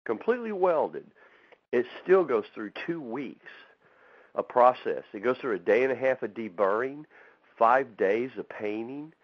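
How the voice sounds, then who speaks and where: A man's voice: mid-range voice, big pitch swings, measured pace, no echo. A man who owns a fab shop and builds barbecue pits, talking in a casual interview as a folksy storyteller. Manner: folksy storyteller, acts out quotes. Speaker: barbecue pit maker and fab shop owner. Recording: dull, lo-fi, dry.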